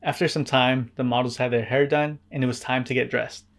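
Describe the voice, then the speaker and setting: A man narrating his own vlog in a scripted, deadpan way, with wry asides and an earnest, introverted manner. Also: mid-range voice, brisk. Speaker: vlogger.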